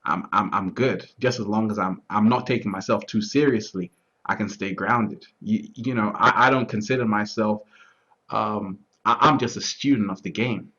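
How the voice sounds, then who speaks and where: A man talking through his thoughts in a relaxed, reflective conversation, often restarting and asking whether he is understood. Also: lowish voice, moderate pace, husky. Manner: repeats words, restarts often, asks "you see what I'm trying to say". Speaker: interview guest. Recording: dull lo-fi audio.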